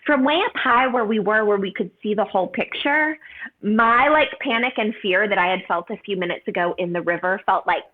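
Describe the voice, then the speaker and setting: A woman's voice: mid-range voice, a little fast. A woman in her thirties telling a personal story as a podcast guest, earnest and heartfelt, with many casual fillers. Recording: tinny phone-like line.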